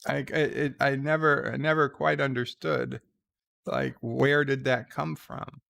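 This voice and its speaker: A man's voice: mid-range voice, flat delivery, unhurried, gravelly, fairly bright tone. A man hosting a livestream, reading viewer comments aloud and rambling through wry asides. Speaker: livestream host.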